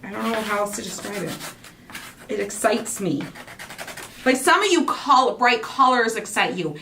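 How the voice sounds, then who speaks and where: A woman chats casually while crafting, gushing and rambling. Her voice is animated and fairly high. She sits a little away from the mic, with a faint hiss underneath. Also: normal speed. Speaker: craft show host. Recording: distant mic with faint noise.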